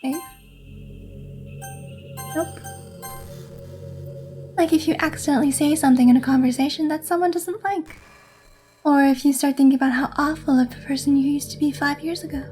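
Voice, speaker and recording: Lady reading sweet intense schoolgirl club prez, high voice, soft n clingy. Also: steady tone, normal speed, long pauses, soft background music, natural voice. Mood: affectionate. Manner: soft, affectionate reading of game dialogue. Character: sweet, intense teenage girl club president. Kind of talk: reading visual novel lines aloud.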